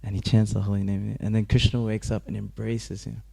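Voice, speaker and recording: Man, lowish voice, relaxed temple class, chuckles, acts out characters' lines. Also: fairly quick, creaky, husky. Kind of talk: casual devotional class storytelling. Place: temple room.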